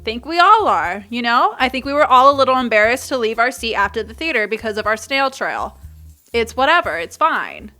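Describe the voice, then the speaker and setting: A woman hosting a movie reaction, excitable and gushing, laughing often as she talks. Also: fairly high pitch, a little fast, faint music behind. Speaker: host.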